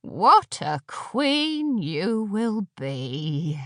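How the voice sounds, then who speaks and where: Ancient witch, old woman, sly, rasping wheeze, very slow and knowing; a woman narrator puts her on. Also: mid-range voice, big pitch swings, no room sound, studio quality, heavily acted. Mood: sly, croaking. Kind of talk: audiobook character voice.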